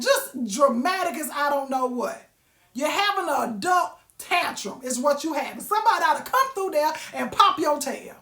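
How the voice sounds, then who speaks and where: Sassy lady preaching motivation, high voice, echoey room, keeps saying baby and honey. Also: lively intonation, moderate pace, pushed and bright. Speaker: motivational vlogger. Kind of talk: casual motivational talk.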